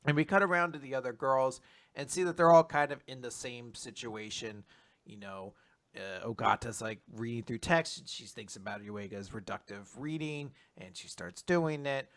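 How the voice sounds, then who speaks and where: Bright-voiced young man recapping manga. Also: mid-range voice. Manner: acts out characters' lines in quick voices while summarizing. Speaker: podcast co-host. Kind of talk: casual manga recap chat.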